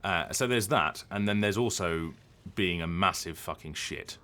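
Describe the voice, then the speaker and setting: A voice actor chatting casually on a live stream, rambling and hesitant with lots of ums and restarts. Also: male voice, low-pitched, measured pace, sharp tone.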